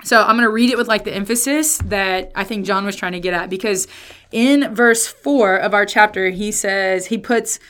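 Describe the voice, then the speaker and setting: A woman's voice: medium pitch, moderate pace, fairly bright tone. Chatty, emphatic woman teaching Scripture. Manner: chatty, emphatic, self-interrupting. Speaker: Bible teacher. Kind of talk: casual Bible teaching.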